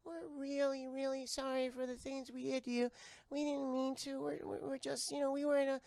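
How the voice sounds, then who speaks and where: A man's voice: very high voice, level tone, a little fast, creaky, darkish tone, no room sound, voice pushed up. A man voicing small timid male alien creatures, meek and stammering. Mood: apologetic.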